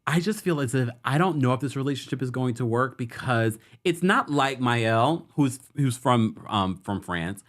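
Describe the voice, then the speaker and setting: Lively, chatty gay man hosting. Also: medium pitch, moderate pace, hardly any pauses. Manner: chatty, lively, laughs often. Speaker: host. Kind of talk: casual chat.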